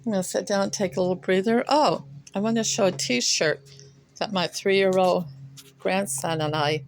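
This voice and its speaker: Breathless older woman, slow and gravelly. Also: lowish voice, darkish tone, a little hiss or hum. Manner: rambling, chatty. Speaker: vlogger. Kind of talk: casual chat. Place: outdoors at her home.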